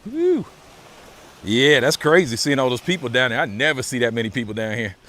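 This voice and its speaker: A man live-streaming a relaxed walk outdoors by a beach, chatting casually and thanking viewers over and over. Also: medium pitch, quick pace. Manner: laid-back, thanks viewers for donations, repeats phrases. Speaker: live-streaming walking vlogger.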